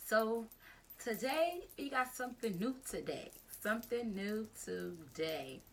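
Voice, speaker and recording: A young woman YouTuber telling a casual storytime to her channel, rambling and animated, with lots of fillers. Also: on the high side, takes it slowly, background noise.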